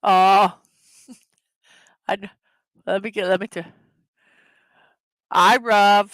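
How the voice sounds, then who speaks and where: Middle-aged lady livestreaming, slow easy talk, kinda high voice, giggles a lot, dry close sound. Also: steady tone, fairly bright tone, no room sound. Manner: giggly, reads chat jokes aloud. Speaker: livestream host. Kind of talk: casual livestream chat.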